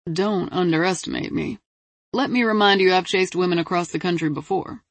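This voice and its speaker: A woman's voice: lowish voice, a little fast, no echo. A woman voicing a flirtatious, teasing adult man in an audiobook, easygoing and playful. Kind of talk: audiobook character voice.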